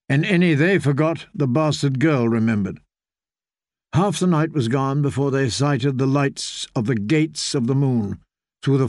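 A man narrating a fantasy novel in a measured storytelling manner. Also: on the high side, a little mellow, dry recording, studio quality. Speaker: audiobook narrator.

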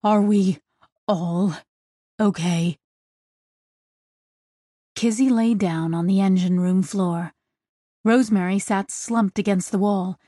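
A woman narrating an audiobook in an even, measured storytelling voice. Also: mid-range voice, no echo, studio quality. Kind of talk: scripted narration.

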